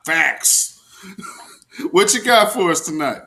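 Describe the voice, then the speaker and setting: A man hosting a relaxed call-in livestream, joking and laughing often with callers. His voice swoops with lively pitch, sits a bit high, and moves at an unhurried pace. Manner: laughs easily, playful and talkative. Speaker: host. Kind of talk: casual call-in livestream chat.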